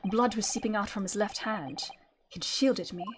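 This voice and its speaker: A woman's voice: mid-range voice, moderate pace, background noise, close to an everyday voice. A woman reading as a somber young nobleman. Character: young male noble recounting grim past. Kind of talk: reading game dialogue aloud.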